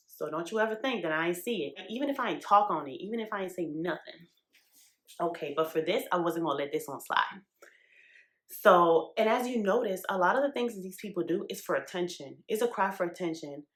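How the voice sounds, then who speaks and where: A woman's voice: lowish voice, fast talker, roomy sound. A woman from New York hosting a podcast, talking straight to her listeners in a casual, emphatic, slangy monologue. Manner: emphatic and animated, talks straight to the audience with slang. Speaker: podcast host.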